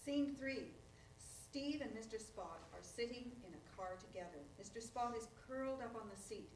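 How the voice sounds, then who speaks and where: A woman reading stage directions aloud at a live play reading, in a plain, measured way. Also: a little high, slight background noise. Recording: echoey room, voice far from the mic.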